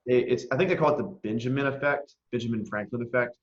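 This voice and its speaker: Brief: young adult male guest, lively storyteller who swears freely, mid pitch, lo-fi sound. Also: quick pace, roomy sound. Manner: animated, profane, acts out quotes. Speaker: podcast guest. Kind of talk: casual storytelling in conversation.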